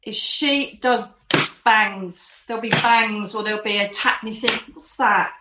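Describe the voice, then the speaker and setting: A woman's voice: mid-range voice, fairly even intonation, a little slow, noisy background. Rambling woman medium, roomy echo. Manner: emotive, reassuring, rambling. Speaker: psychic medium. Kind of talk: live psychic reading.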